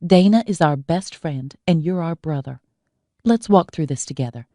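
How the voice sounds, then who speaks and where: A gentle young sister, as a woman reader puts her on, speaking quietly and calmly. Her voice is warm and low in a dry, close audiobook recording. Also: moderate pace, no room sound. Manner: quiet, soothing.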